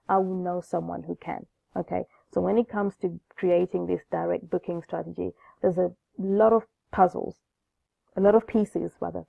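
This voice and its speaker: A woman's voice: fairly low pitch, no room sound. A woman with a cold and a groggy voice, hosting an online business class in a chatty way, restarting her phrases often. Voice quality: gravelly. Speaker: online course host. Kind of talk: webinar teaching. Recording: tinny phone-like line, dry.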